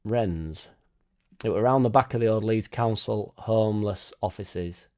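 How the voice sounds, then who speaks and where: A man's voice: fairly low pitch, unhurried, a little mellow. A man hosting a casual live stream, reading out chat and swearing freely as he talks. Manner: swears freely, chatty, tag questions like innit. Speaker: fan channel host reading live chat.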